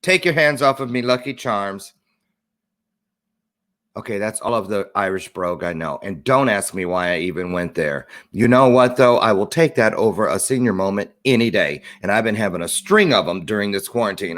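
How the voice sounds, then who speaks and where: A man hosting a live-streamed talk show, opening with a chatty, joking monologue and lively asides. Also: fairly low pitch, brisk, few pauses.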